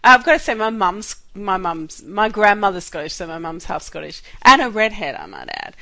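A woman co-hosting a casual chat about a TV show, bubbly and expressive, laughing often. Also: mid-range voice, moderate pace, gravelly, dry recording. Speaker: podcast co-host.

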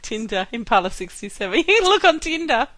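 A woman co-hosting a casual chat about a TV show, bubbly and expressive, laughing often. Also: on the high side, brisk, no room sound. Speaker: podcast co-host.

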